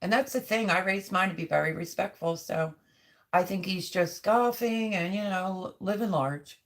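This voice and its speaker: Middle-aged woman on a livestream, reads chat out loud, talks from the heart, gets emotional. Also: on the low side, normal speed. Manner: heartfelt, openly emotional, chatty. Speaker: livestream host. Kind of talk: reading and answering live chat.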